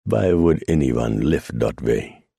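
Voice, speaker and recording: A man voicing a blunt, skeptical male fur trapper with a German accent, speaking slowly and doubtfully. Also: rumbling low, lively intonation, gravelly, dark tone, slightly rough, dry recording, clean studio sound, heavily acted. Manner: slow, doubting speech.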